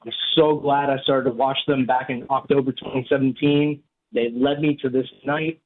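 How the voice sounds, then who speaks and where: A man's voice: medium pitch, steady tone, normal speed. A man calling a sports radio show, talking in a heartfelt, grateful way. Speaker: caller. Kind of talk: phone-in call to radio. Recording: phone line.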